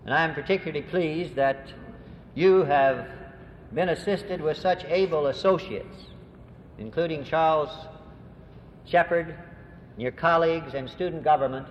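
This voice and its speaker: University president, formal address, measured and courteous; long reverb, dull old tape. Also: male voice, fairly high pitch. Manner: measured, courteous, with hesitant fillers. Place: large hall at a symposium. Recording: reverberant hall on a dull, faintly noisy old recording.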